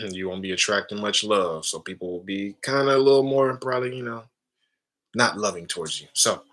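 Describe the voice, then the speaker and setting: A man's voice: fairly low pitch, brisk, fairly bright tone. A man giving a casual spiritual teaching talk, calling listeners family and often adding "right?". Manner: casual, addresses listeners as family, frequent tag questions.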